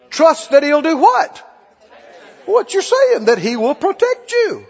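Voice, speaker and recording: A male preacher delivering a call-and-response sermon, with folksy phrasing and shouts on key lines. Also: very high voice, very animated, unhurried, gravelly. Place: church sanctuary. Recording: lo-fi hall recording. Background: congregation responding.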